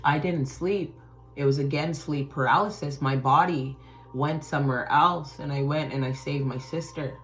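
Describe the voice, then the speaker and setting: The woman's voice sits low at a normal speed, with a bit of hiss or hum. She's hosting a spiritual channel, loosely narrating something personal and animatedly acting out each person's voice.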